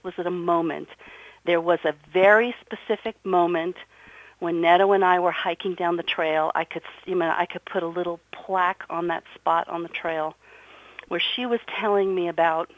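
A woman's voice: lowish voice, dry recording. A middle-aged woman from New Jersey, a guest and author, telling her story earnestly and with emphasis in an interview. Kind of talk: conversational interview. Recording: dull, muffled audio.

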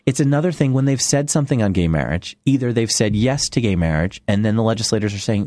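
A man hosting a radio talk show, giving sarcastic, animated commentary in casual banter. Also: on the low side, fast talker, few pauses, no room sound.

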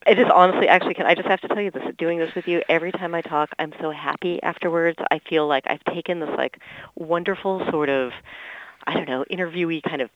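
A woman journalist on a podcast, talking in an animated, effusive way and laughing a lot. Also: lowish voice, quick pace, no room sound, highs cut off. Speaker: radio journalist, podcast guest. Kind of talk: casual interview chat.

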